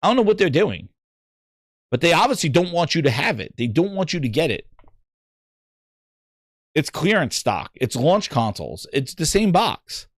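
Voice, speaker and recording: A man in casual, ranting podcast chat, animated and exasperated, stumbling over restarts as he piles on complaints. His voice sits a bit high for a man. The sound is dry and close, with no room in it. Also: moderate pace, pauses often, no echo. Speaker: gaming podcast host.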